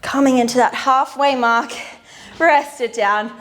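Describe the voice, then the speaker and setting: A woman's voice: high-pitched, measured pace, a bit bright, a little hiss or hum. A woman leading a guided dumbbell workout, out of breath as she exercises, cueing moves with upbeat encouragement. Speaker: fitness instructor. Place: indoor workout studio.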